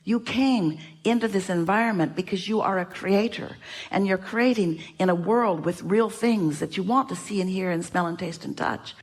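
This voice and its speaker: A woman's voice: mid-range voice, normal speed, breathy edge. A woman giving an inspirational seminar talk to an audience. She speaks emphatically and repeats herself, and she refers to herself as "we".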